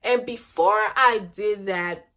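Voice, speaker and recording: A woman's voice: mid-range voice, slow, bright, forceful tone. A young woman vlogger telling a casual personal story, laughing often and ending on a faith message.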